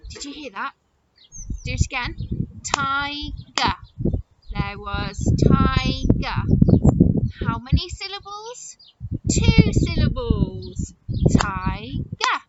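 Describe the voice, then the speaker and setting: A woman teacher leading an early-years phonics lesson, speaking slowly and encouragingly as she says words clearly and claps out their syllables. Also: high voice. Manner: slow, sing-song, encouraging, clapping out syllables. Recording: dull lo-fi sound with loud noise.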